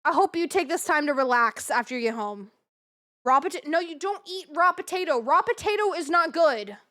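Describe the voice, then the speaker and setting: A young woman chats on a live stream, her voice pitched very high. She rambles excitably, repeats herself and swears freely. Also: moderate pace. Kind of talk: casual live-stream chat.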